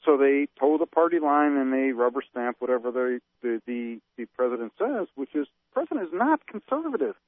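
A man's voice: mid-range voice, very animated, a little fast, few pauses, dry recording. A man co-hosting a political talk radio show, ranting and firing off rhetorical questions. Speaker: co-host. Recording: tinny phone-like dry sound.

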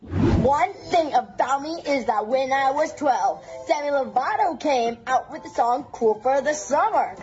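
A woman's voice: high voice, animated, a little slow, muffled recording, music in the background. A young woman chatting confessionally about her own past in a personal video.

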